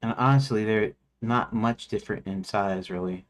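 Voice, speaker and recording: At normal speed and on the low side, a man narrates his game development stream casually. The commentary is thinking aloud, with frequent restarts and counting under his breath.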